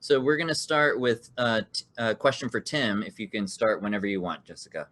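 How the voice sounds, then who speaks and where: A man's voice: on the low side, brisk, a bit bright. A man hosting an online improv comedy card game, upbeat and laughing often as he reads out the rules. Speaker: game show host.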